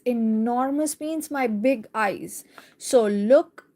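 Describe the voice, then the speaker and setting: A woman teaching a live beginner French lesson, reading a picture book aloud and explaining each line slowly and carefully. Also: on the high side, a little mellow.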